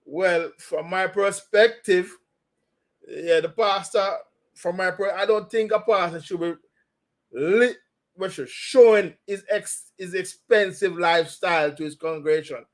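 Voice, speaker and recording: Brief: chatty male host, fairly high voice, loose opinionated delivery. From Jamaica. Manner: rambling, opinionated, frequent fillers. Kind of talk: casual commentary show.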